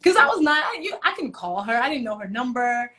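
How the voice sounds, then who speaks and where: A woman's voice: a little high, sing-song, fairly quick, sharp tone. A woman from Nigeria, a guest in a casual live video chat, telling personal stories and animatedly acting out her own past lines. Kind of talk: casual conversation, personal storytelling. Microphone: live video call.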